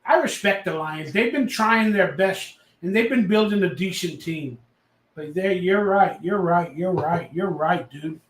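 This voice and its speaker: Loud, rambling tipsy man, high voice. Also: unhurried, roomy sound. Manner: rambling, loud, reads chat aloud. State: a little tipsy. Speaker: livestream host. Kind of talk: casual livestream chat.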